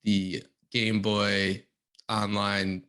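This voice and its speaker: A man co-hosting a casual gaming podcast who talks in halting starts and laughs easily. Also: on the low side, level tone, pushed and bright, clear, resonant tone. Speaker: podcast co-host.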